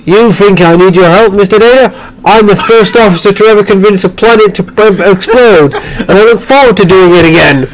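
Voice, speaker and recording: A man's voice: high-pitched, a little fast, few pauses, pitched above the performer's own voice, low-quality recording. A man playing a cocky, boastful male first officer, speaking brashly. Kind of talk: comedic script reading.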